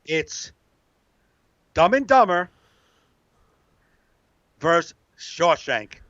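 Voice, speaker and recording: Laughing, swearing podcast co-host, dull mic. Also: male voice, on the high side, very animated, drawn-out words, a bit bright, dry recording. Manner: laughs often, swears casually. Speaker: podcast co-host running a movie bracket. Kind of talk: casual podcast chat with a live chat room.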